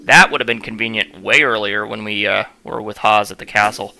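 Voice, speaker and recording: A man's voice: on the low side, fairly even intonation, brisk, vocal fry, bright, forceful tone. A man hosting a let's-play, commentating on gameplay in a playful, jokey way and talking straight to viewers. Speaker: gaming host.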